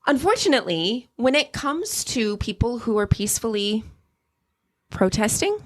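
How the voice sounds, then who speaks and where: A woman's voice: fairly high pitch, big pitch swings, normal speed, dry recording. A woman co-hosting a casual political talk podcast, chatty and self-deprecating as she reads out quotes. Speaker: podcast co-host.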